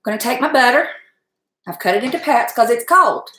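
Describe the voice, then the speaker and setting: A middle-aged woman, hosting a casual cooking stream from her home kitchen, folksy and chatty, laughing often and talking fast from nerves. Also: a little high, animated, heavy background noise. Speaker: home cook and channel host. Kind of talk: casual cooking livestream chat. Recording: echoey kitchen room.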